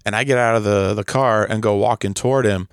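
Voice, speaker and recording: A man's voice: fairly low pitch, fairly even intonation, a little fast, gravelly, no echo, studio quality. A man telling stories in a casual chat, laughing often and acting out the people he quotes. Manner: storytelling, laughs often, acts out quoted voices.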